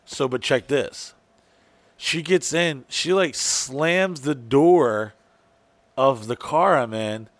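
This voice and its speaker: A man's voice: mid-range voice, slow, no room sound. Profane storytelling man, dry sound. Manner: profane, rambling, acts out his own lines. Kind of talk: casual storytelling chat.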